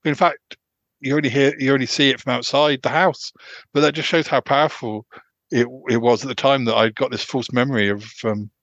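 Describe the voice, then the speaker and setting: A man hosting a casual podcast chat, talking haltingly with many restarts and fillers. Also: medium pitch, fairly even intonation, fairly bright tone, dry recording. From United Kingdom. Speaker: podcast host. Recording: dull, lo-fi sound.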